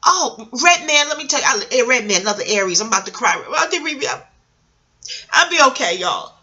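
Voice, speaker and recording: Bright, rambling, profane middle-aged woman. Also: fairly high pitch, animated, a little fast, dull audio. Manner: emotional, swinging between loud outbursts and quiet asides. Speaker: vlogger. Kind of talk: casual rant commentary.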